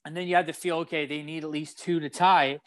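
Excitable sports-talk man, dry close sound. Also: on the high side, fast talker, no room sound. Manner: animated storytelling, acts out his own yelling. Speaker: sports podcast co-host.

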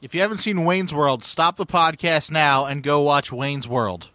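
A man's voice: fairly high pitch, normal speed, pushed and bright, no echo. A man hosting a casual sports podcast, introducing segments upbeat and teasing his co-host.

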